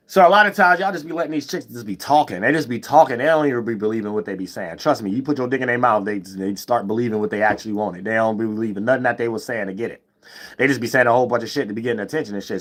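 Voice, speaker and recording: Fast-talking man ranting off the cuff. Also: medium pitch, fairly bright tone. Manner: rambling and profane, with restarts; leans on the tag "you know what I'm saying". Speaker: vlogger. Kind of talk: unscripted ranting monologue.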